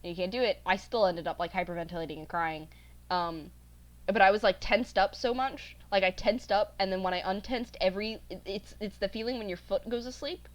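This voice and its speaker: A woman's voice: medium pitch, a little fast. A young woman co-hosting a casual podcast chat, telling stories with lots of quoted back-and-forth and voices for the people in them. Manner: animated storytelling, acting out quoted voices. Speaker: podcast co-host.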